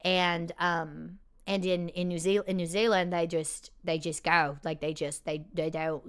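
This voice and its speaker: A woman's voice: lowish voice, little pitch movement, measured pace, hardly any pauses, clear, resonant tone. A woman hosting a casual question-and-answer chat with viewers, rambling with many fillers and restarts and laughing easily. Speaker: performer hosting a live Q&A.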